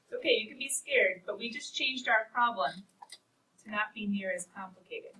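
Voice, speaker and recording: A woman's voice: medium pitch, moderate pace, pushed and bright. A woman teaching a precalculus class, encouraging and playful, talking about equations as if they were people. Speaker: math teacher. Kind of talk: classroom lecture. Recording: distant mic with faint noise.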